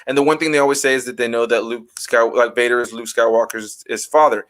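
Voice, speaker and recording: A young man in casual chat, telling stories with lively acted-out reactions from friends. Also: mid-range voice, fast. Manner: animated storyteller, acts out quoted reactions. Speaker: guest.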